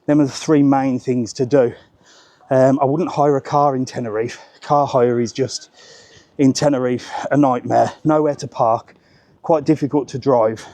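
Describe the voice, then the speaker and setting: A man's voice: medium pitch, steady tone, moderate pace, mellow, dry recording. A man with a Birmingham accent, chatting casually as he walks outdoors on a live travel vlog, full of informal slang. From Birmingham, England. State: out of breath. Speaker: travel vlogger. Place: outdoors on a hillside street.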